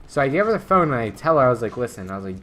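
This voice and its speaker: A young man rambling through a story while he plays, with lots of fillers and false starts. His voice sits at an ordinary middle pitch, and the delivery is loose and offhand. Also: big pitch swings, rapid-fire, a bit bright, slight background noise. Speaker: streamer. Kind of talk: casual storytelling while gaming.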